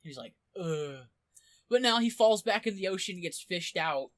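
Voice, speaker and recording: A young woman co-hosting a podcast casually retells a story, animatedly acting out the characters' lines. Her mid-range voice is fairly quick, captured in clean studio sound with no echo.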